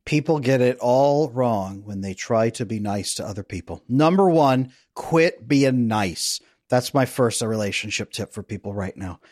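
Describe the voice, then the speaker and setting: A middle-aged man, a relationship coach, talking as a podcast guest in a lively, playful, guiding way. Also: lowish voice, normal speed, hardly any pauses, no room sound, studio quality. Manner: energetic, playful, guides listener through an exercise. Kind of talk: conversational interview.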